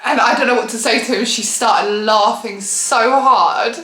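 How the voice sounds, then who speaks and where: A young woman telling a storytime vlog story in an animated, exasperated way and laughing often. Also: a little high, a little slow, roomy sound, poor audio. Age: young adult. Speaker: vlogger.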